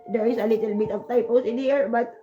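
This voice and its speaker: A woman's voice: a little high, steady tone, fast, lo-fi sound, soft background music. Chatty emotional woman. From Switzerland. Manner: emotional, tearful at times, chatty with many fillers. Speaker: vlogger. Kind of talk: rambling personal vlog.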